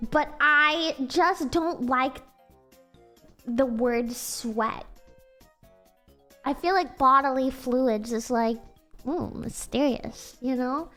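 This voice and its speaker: A woman's voice: high voice, pushed and bright. A woman with an American accent chatting casually on a livestream, giggly and rambling with lots of "like" fillers.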